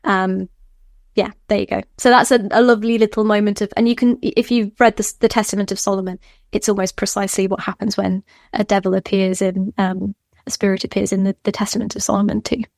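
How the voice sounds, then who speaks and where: A woman scholar, a podcast guest, explaining in an animated way, laughing often and acting out quotes. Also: medium pitch, brisk, creaky, no room sound, studio quality. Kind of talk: podcast interview.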